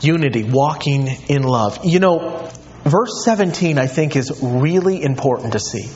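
A male pastor preaching a sermon, emphatic and animated, his voice swinging widely in pitch. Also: unhurried, muffled recording.

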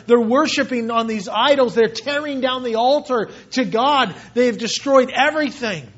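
A man preaching an expository sermon, reading scripture aloud and explaining it with emphatic swings between loud and hushed delivery. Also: very high voice. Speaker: pastor. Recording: muffled, dull lo-fi sound.

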